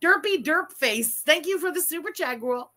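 A woman streamer reacting live, her voice high and bright with a tense edge. She swears freely and bursts into laughter and indignant rants, and she thanks viewers between outbursts. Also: normal speed. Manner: excitable, profane, laughing outbursts.

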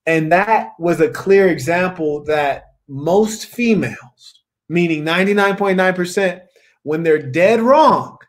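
This is a man hosting an opinionated talk show. His voice sits a little high for a man. He speaks with emphatic, preachy conviction and repeats key words for emphasis. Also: measured pace. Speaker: podcast host. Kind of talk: opinionated discussion.

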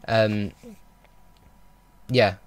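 A man talks through a film recap in a casual vlog, rambling along with plenty of ums and restarts. His voice sits a little low, and he sounds like an eager fan. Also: fairly even intonation, very slow, clean tone. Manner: rambling, with many fillers and restarts; enthusiastic fan talk. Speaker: vlogger.

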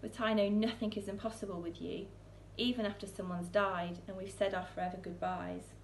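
A woman's voice: medium pitch, fairly even intonation, brisk, slight background noise, lightly acted. A woman voicing a grieving woman who earnestly pleads in a storybook reading, heard in a roomy church. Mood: pleading.

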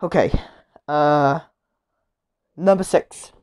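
Woman, low-pitched, casual game commentary, loud reactions, easily annoyed. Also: extremely slow, clear, resonant tone. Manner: reacts loudly to each result, easily annoyed. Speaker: gamer playing a game show video game.

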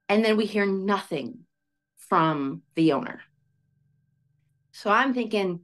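A woman guest in an interview tells a personal story casually, chatty and second-guessing herself, with lots of "like." Her voice is fairly high, very animated and sharp in tone, at a moderate pace.

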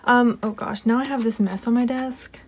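At her home desk, a woman unboxes an album and chats casually, excitable and giggly, often gushing and sometimes dropping to a whisper. Her voice is a little high and slightly rough, at a normal speed.

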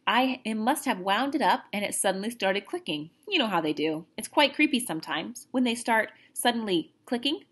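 An insistent young boy keeps his secret and pushes his point, words tumbling out in a hurry, as a woman reads him aloud from a storybook. He explains earnestly, pressing on even when no one follows. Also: a little high, normal speed, few pauses, breathy edge. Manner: urgent, insistent.

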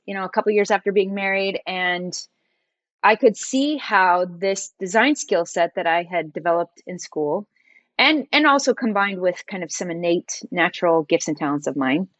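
Animated woman telling her story on a podcast. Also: medium pitch, moderate pace, no echo. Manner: animated, acts out quoted dialogue in her stories. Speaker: podcast guest, entrepreneur and designer. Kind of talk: storytelling interview conversation.

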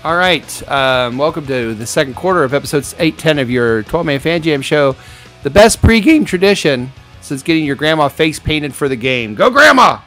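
A man's voice: on the high side, big pitch swings, normal speed, a bit bright, soft background music. A man hosting a sports fan podcast, upbeat and jokey, laughing often between lines. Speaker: podcast host. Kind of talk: casual chat.

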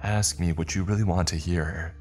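A man's voice: deep voice, steady tone, moderate pace, darkish tone, soft background music, close to an everyday voice. A man doing a sing-songy possessed girl. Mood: eerie sing-song. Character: possessed teenage girl, gleeful and eerie. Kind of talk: scripted horror narration.

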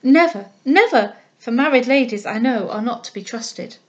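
An eager, heartfelt young woman, humble but impulsive, her voice lifted high and keen, as a woman reader puts her on. The lo-fi recording dulls the sound a little. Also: animated, moderate pace, close to an everyday voice. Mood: earnest, eager. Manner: eager and heartfelt, speaking up with spirit.

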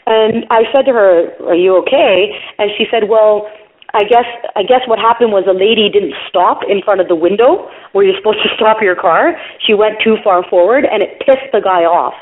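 A woman's voice: mid-range voice, moderate pace, a little hiss or hum. A woman telling a long story in casual podcast chat, acting out the people she quotes. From Canada. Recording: tinny phone-line audio.

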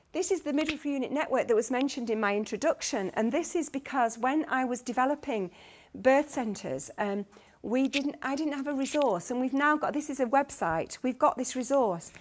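A middle-aged woman with a Lancashire accent, a consultant midwife giving a conference talk, telling stories earnestly and eagerly with frequent restarts. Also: fairly high pitch. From Lancashire, England. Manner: earnest, lively storytelling with many restarts. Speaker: guest speaker, consultant midwife.

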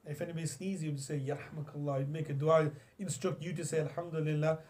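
The young Islamic teacher from England speaks fast with a fairly high, slightly mellow voice and flat delivery. In his classroom lesson on hadith, he tells stories chattily, restarting often and reciting Arabic phrases.

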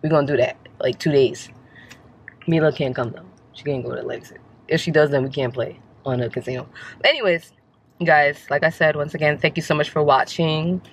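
A woman vlogging her family outing in a chatty, blunt, casual way, a little hoarse from screaming. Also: low-pitched, fairly quick, slight background noise. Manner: chatty, blunt, excitable coaching. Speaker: vlogger, mother. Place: outdoor skating rink, then car. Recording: music playing behind. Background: loud music.

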